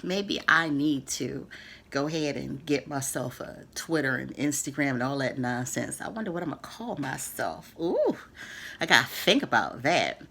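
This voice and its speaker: Low-voiced woman, earnest sassy address. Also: fairly bright tone, slight background noise. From United States. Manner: earnest and emphatic, with sassy asides. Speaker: vlogger giving book feedback. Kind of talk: casual direct-to-camera address.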